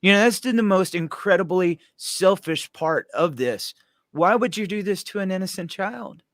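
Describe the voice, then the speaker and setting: A man's voice: high-pitched, expressive, normal speed, no echo. A man hosting a live stream, speaking earnestly and directly to a guest and viewers. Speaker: host. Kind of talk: live stream talk show.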